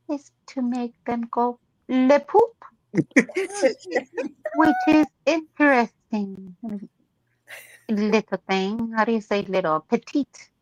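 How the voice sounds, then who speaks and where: A woman's voice: fairly high pitch, dry recording, muffled recording. A woman putting on a mock French accent, playing a flirty Frenchwoman.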